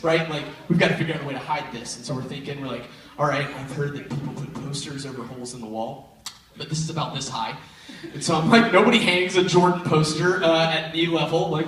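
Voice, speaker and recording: A young man preaching to a youth group and telling a story with lots of energy. His voice is fairly high for a man. He is heard from some distance in a very echoey, reverberant church hall. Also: fairly quick. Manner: animated storytelling, jumping to loud high voices for quoted kids. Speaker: youth pastor. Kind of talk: youth sermon with personal story. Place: large church auditorium.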